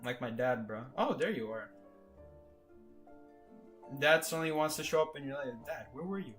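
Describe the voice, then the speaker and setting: A man's voice: a little high, expressive, normal speed, a bit bright, soft background music. A man streaming a game and chatting casually with viewers, rambling, correcting himself and laughing often. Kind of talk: casual live-stream chat.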